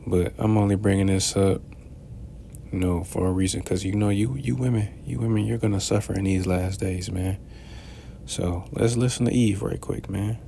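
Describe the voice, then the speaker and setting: A man's voice: low voice, steady tone, normal speed, gravelly, dark tone, slight background noise. A man hosting a commentary show, reacting to clips in a preachy, rambling way full of filler words. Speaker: commentary channel host.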